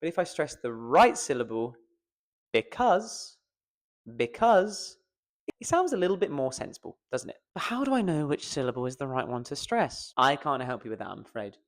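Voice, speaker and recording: A man's voice: medium pitch, very animated, fast, hardly any pauses. A man, a voice coach giving a playful, self-mocking pronunciation lesson to camera and stretching out the stressed syllables.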